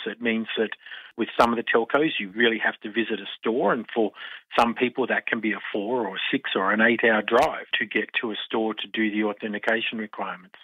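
A man, an engineering professor, explaining a report slowly and deliberately in a radio interview. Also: mid-range voice, pushed and bright, husky, no room sound. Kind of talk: radio interview over the phone. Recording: tinny phone line.

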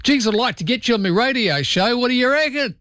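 A man voicing a brash, loud outback Aussie bloke with an exaggerated broad Australian drawl. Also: very high voice, expressive, quick pace, dry recording, studio quality, voice pushed up. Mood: boisterous.

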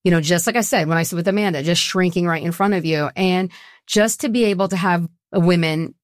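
A middle-aged woman with a fairly low voice tells her own story as a guest in a casual interview. She talks in an earnest, heartfelt way. The sound is dry and close, with no room around it. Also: brisk, no echo. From Southwest Florida. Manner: earnest, personal, emotional storytelling. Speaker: guest, nonprofit co-founder.

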